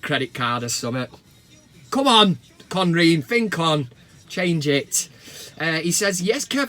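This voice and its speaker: This casual football fan vlog features a Manchester man with a Mancunian accent reading viewers' comments and answering with cheeky swearing. He has a fairly high pitch and sharp tone. He records at home on a camera mic.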